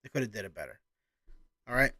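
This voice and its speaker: A man's voice: on the low side, big pitch swings, fast, bright, forceful tone. A man hosting a reaction video, chatting casually and exclaiming as he reacts.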